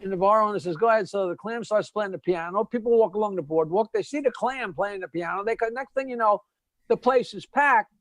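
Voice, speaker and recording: A man, a comedian guest, telling jokes in quick, punchy casual chat. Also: sits high, a bit bright, no room sound. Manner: rapid, punchy storyteller, laughs at his own punchlines.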